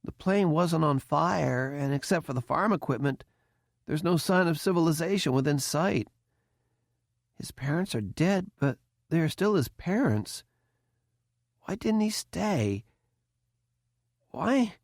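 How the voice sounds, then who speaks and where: A man's voice: fairly high pitch, expressive, a little slow, vocal fry, long pauses, no room sound, clean studio sound, pitched above the performer's own voice, exaggerated voice. A man voicing a nervous young cadet. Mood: haunted. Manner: stammering, anxious, rising into panic.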